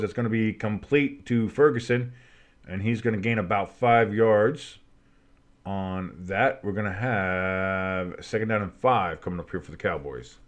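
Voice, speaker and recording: A man's voice: lowish voice, measured pace. Tired man calling football play-by-play. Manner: loose, rambling chatter between excited play calls. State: tired and sleepy, yawning. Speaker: play-by-play streamer and show host. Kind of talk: live play-by-play commentary with reactions.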